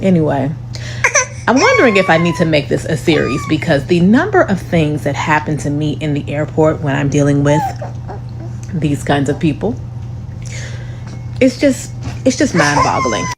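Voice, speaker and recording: A woman telling a dramatic airport story to her viewers in a sassy, lively way. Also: deep voice, moderate pace, pauses often. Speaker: storytelling vlogger. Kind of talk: animated storytime. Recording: humming background noise.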